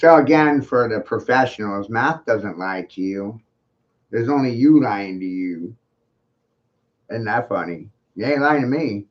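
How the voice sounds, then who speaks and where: A man's voice: lowish voice, expressive, unhurried. A man hosting a livestream, delivering a taunting monologue full of repetition and rhetorical questions. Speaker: livestream host. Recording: muffled lo-fi stream audio.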